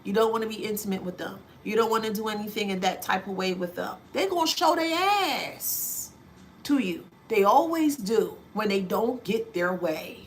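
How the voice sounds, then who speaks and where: A woman's voice: mid-range voice, a little fast, few pauses, slight background noise. A woman giving a spiritual tarot card reading to her viewers. She laughs often and slips in mocking asides.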